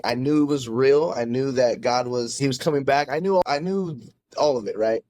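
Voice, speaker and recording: A pastor telling his own faith story in a podcast conversation, earnest and halting, often restarting his sentences. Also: medium pitch, a little mellow. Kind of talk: casual testimony in a conversation.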